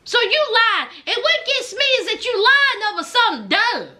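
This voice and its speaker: Sassy woman w/ aave, real high bright voice, dishing on a reality show, swoops up and down a lot. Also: moderate pace. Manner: sassy, animated, addresses people on the show directly. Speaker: reality show recap commentator. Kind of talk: casual commentary recap.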